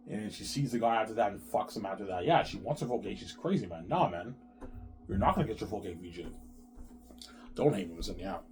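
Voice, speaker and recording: A man's voice: fairly low pitch, expressive, fairly quick, darkish tone. A man talking on his own in a long, rambling, repetitive monologue, with heavy swearing and slang. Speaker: vlogger.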